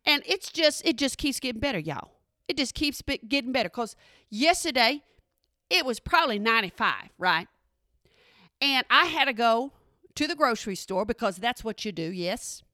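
A woman radio host telling a comedic story from her studio, animated and talking straight to her listeners. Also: on the high side, normal speed, no echo. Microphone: studio microphone.

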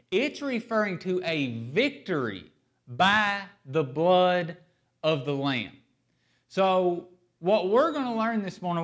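A male pastor delivering a sermon with a slightly higher-than-average voice. He leans hard on key words, slowing down and speeding up, dropping low and then swelling louder to drive each point home. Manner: emphatic, varies pace and loudness, stresses key words.

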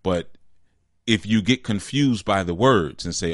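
A man giving an informal spiritual teaching, conversational and deliberate, often checking in with "you see?" and slowing down to stress key words. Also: on the low side, no echo, studio quality.

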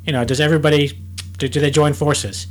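A man's voice: fairly high pitch, fairly even intonation, fast. A man in casual podcast chat who restarts and repeats words while building playful what-if scenarios.

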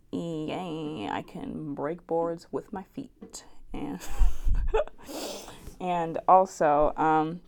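A woman's voice: low voice, darkish tone. A young woman from New Jersey hosting her own podcast, chatting and rambling in a casual solo monologue with frequent giggles. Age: young adult. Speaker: podcast host.

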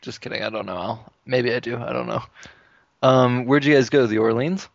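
Gravelly man with dry teasing humor. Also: mid-range voice, fairly even intonation, moderate pace, dry recording. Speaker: podcast co-host. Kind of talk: casual banter. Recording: dull lo-fi sound, dry.

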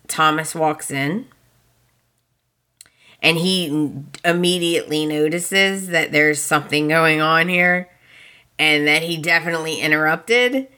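A woman hosting a podcast, casually retelling soap opera scenes in an animated way and acting out the characters' lines. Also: deep voice. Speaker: podcast host.

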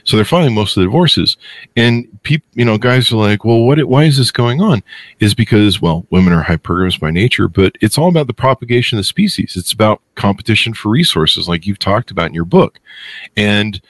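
A middle-aged man hosting a podcast, holding forth in a blunt, opinionated, animated way. His voice sits very low, and the recording is dry and close with no room sound. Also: fairly quick, no echo. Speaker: podcast host. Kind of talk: casual interview chat.

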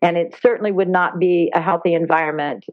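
A woman guest in a casual interview, telling stories in an animated way and acting out her own quoted remarks. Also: on the low side, fairly quick, no echo, narrow, tinny audio. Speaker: guest, dolphin therapy program founder. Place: Maui, Hawaii.

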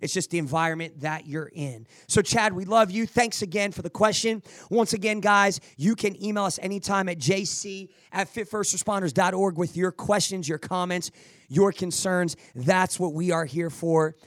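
High-voiced man giving motivational advice. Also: moderate pace, dry recording, studio quality. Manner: energetic, preachy, repeats words while restarting. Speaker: podcast host answering listener questions.

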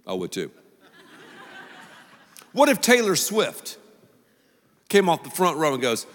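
A male pastor preaching a sermon in a joking, animated way, full of quick asides, in a large church auditorium. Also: on the high side. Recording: long reverb of a large hall.

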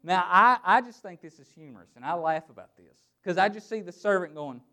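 Male pastor, high voice, animated sermon with scripture readings and joking asides. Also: fairly quick. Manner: animated preaching, reads scripture aloud and laughs at his own asides. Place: church with a small congregation.

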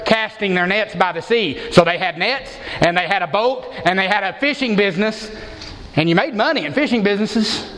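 A man's voice: high-pitched, a bit bright, long reverb tail, rough recording. A man preaching an expository sermon, emphatic and given to repeating words for stress.

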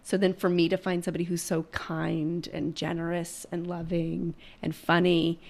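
A woman's voice: lowish voice, flat delivery, normal speed, creaky, a little mellow. A woman in her thirties talking openly and earnestly about her family in a candid conversation. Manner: earnest, open, emotional, many ums.

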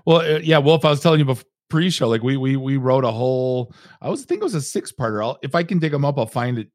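A man's voice: medium pitch, lively intonation, fast, darkish tone, dry recording, studio quality. A middle-aged man hosting a podcast, rambling and joking with plenty of fillers. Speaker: podcast host. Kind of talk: casual podcast chat.

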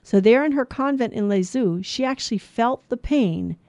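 A woman co-hosting a Bible radio show, teaching in an earnest manner and listing virtues and sins in a steady, measured cadence. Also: fairly high pitch, dry recording, clean studio sound.

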